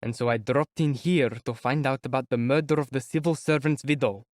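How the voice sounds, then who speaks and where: A man's voice: mid-range voice, fairly quick, no echo, clean studio sound, lightly acted. A man voicing a feverish young student who teases and taunts a clerk in an audiobook reading. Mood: mocking. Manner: taunting, teasing, then whispering.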